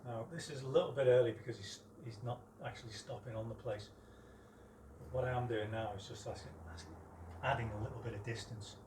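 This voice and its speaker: A man teaching dog training outdoors, explaining calmly between high, sharp commands to his dog. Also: fairly quick, background noise. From United Kingdom. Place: outdoors with ambient noise. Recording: roomy, distant from the mic, faint ambience.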